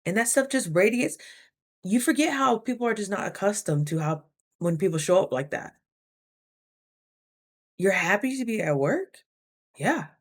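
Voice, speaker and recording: Chatty, animated woman vlogger. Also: medium pitch, normal speed, long pauses. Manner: chatty, animated, acts out her own thoughts. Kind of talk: casual talking-to-camera vlog.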